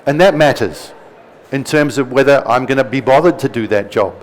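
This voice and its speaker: A middle-aged man with a softened New Zealand accent speaks at a live seminar. He talks in an easy, conversational way, throwing in jokes and questions to the room, and his pitch sits in the middle range. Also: normal speed, rough recording. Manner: conversational, joking asides to the audience.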